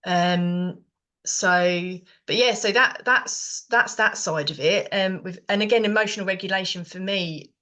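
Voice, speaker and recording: A woman's voice: on the low side, measured pace, sharp tone. A middle-aged woman with a British accent, co-hosting a podcast in casual chat, rambling with many fillers and restarts. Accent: British English. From Britain. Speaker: podcast co-host.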